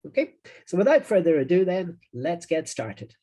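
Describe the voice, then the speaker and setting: Mellow husky Irish man teaching marketing. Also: very animated, normal speed. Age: middle-aged. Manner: chatty, rambling, with frequent "uh" fillers and sales-pitch phrasing. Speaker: digital marketing coach. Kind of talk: online video lesson.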